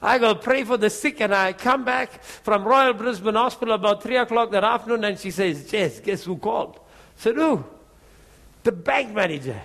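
Animated high-voiced male preacher storyteller. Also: moderate pace, gravelly. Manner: animated storyteller, acts out both sides of dialogue. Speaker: preacher giving a testimony. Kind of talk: storytelling testimony sermon.

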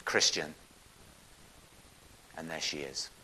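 A man's voice: very deep voice, steady tone, slow pace, bright, forceful tone, slight background noise, rough recording. A man giving a public talk with slides, speaking in a conversational, earnest way with frequent restarts.

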